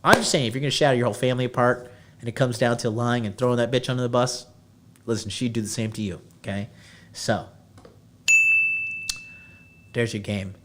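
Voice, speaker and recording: A man's voice: medium pitch, steady tone, a little fast, long pauses, very noisy. A male podcast host giving dating advice in a brash, profane rant, lecturing his listeners.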